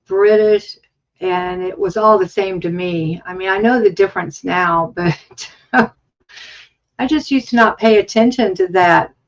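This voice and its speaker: Slow, rambling woman on a livestream. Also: mid-range voice, muffled recording. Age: 50s. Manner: rambling, chatty, thinks aloud while crafting. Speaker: livestream host. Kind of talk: casual livestream chat. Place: home craft studio.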